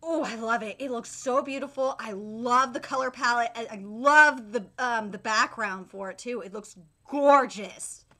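A woman hosting a live anime reaction video, excitable, gushing and ranting by turns and swearing freely. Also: on the high side, moderate pace, hardly any pauses.

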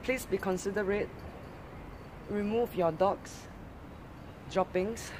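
A livestreamer with a Singaporean English accent, streaming casually from a park playground at night on a handheld camera. They call their dogs loudly in a high, excited voice, then drop to low asides to the viewers. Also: takes it slowly, noisy background.

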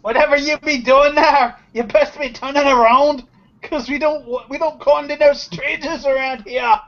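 A man voicing a suspicious frontier settler father who talks in a rough, blustery rural drawl. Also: very high voice, steady tone, moderate pace, pitched above the performer's own voice. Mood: hostile warning. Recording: dull lo-fi recording.

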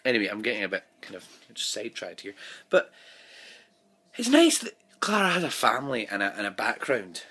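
Man, casual vlog review, rambling, lively up-and-down pitch, husky voice, phone mic. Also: brisk. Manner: rambling, many fillers and restarts. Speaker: TV episode reviewer.

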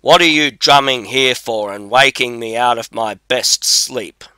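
A man reading the lines of a huge, gruff giant in a storybook audiobook, with a blustering, threatening delivery. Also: medium pitch, unhurried, bright, forceful tone, no room sound. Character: huge, gruff male giant, angry then wary.

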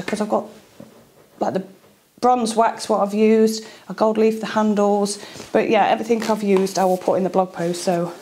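A woman's voice: medium pitch, mellow. Chatty lady, middle-aged, rambling about her diy, bit of faint background hiss. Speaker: dog groomer and vlogger. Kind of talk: casual DIY vlog chat.

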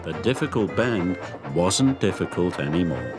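A man narrating a children's story in a gentle, measured, expressive way. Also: low voice. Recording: loud background music.

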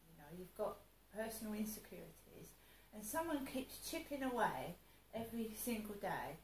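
A woman's voice: mid-range voice, very animated, moderate pace, reverberant, slight background noise, rough recording. A woman telling a rambling personal story, upset and venting, with frequent restarts. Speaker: vlogger.

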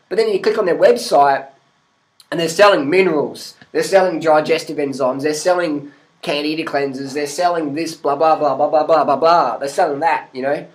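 A man's voice: fairly high pitch, normal speed, rough recording. A middle-aged man from Australia, ranting casually to camera and swearing freely as he laughs at other people. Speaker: vlogger.

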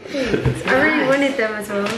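A woman's voice: on the high side, expressive, moderate pace, heavy background noise. A young woman of 21, gushing happily through a casual birthday vlog at home. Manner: bubbly and gushing. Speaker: vlogger.

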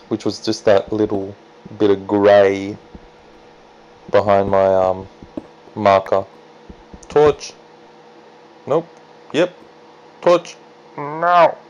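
A man casually commentating his own gameplay, chatty and self-deprecating, jumping into excited high yelps. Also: takes it slowly, pauses often, highs cut off. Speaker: let's play gamer.

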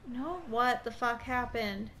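A woman's voice: on the high side, slow, a little hiss or hum. A woman giving casual, swearing let's-play commentary and talking to the creature on screen. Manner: chatty, frequent swearing, talks to the game creature. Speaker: gaming video creator. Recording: voice over loud game audio.

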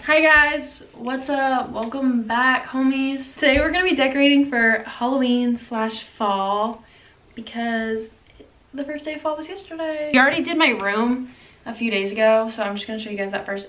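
Young woman vlogger, bright slightly high voice, bubbly and slangy; roomy home sound with faint background hiss. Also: normal speed, recorded from a distance. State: out of breath. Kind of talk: casual vlog chat. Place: house and basement, indoors. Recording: roomy home audio with faint ambient noise.

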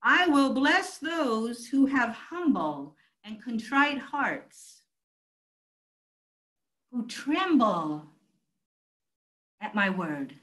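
A woman's voice: a little high, big pitch swings, extremely slow, long pauses, a bit bright, rough recording. A woman pastor preaching a sermon, emphatic and calling out to her congregation. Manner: emphatic preaching, calls out to the church.

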